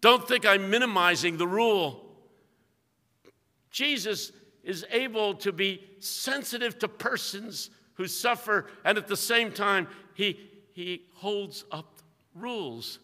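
An older man preaching a sermon in a university chapel, telling stories with big swings between loud, emphatic lines and quiet, hushed ones. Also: a little slow. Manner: storytelling, dramatic swings in volume and pitch. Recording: long hall reverb.

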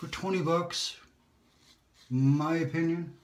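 A man hosting a shaving video, chatting in a relaxed, rambling way and talking to himself as he shaves. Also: a little high, slow pace. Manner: relaxed, rambling, self-talk while shaving. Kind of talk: casual shaving vlog chat. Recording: echoey room.

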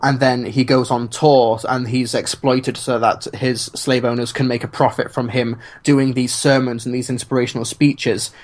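Male podcast co-host, casual, filler-heavy, deadpan humor, average pitch. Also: moderate pace, hardly any pauses. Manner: hesitant, many fillers, dry humor. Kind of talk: casual chat.

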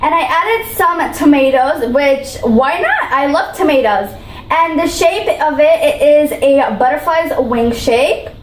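A high-voiced woman gushes over food in an excitable vlog, bubbly and repeating her praise. Her voice rings in an echoey room, with a faint hiss behind it. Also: unhurried. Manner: bubbly, gushing, repeats herself. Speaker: vlogger.

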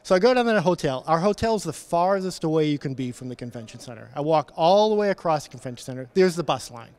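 A middle-aged man, a principal engineer at a conference, telling an animated story and acting out the dialogue. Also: on the high side, quick pace, no room sound. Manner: animated anecdote-telling, acts out quoted dialogue. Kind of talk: storytelling in an event interview. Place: conference floor.

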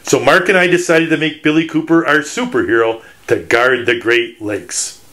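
A man's voice: medium pitch, normal speed, pushed and bright. A man from Michigan, a children's author, giving an educational talk for children in a teacherly, playful way with puns.

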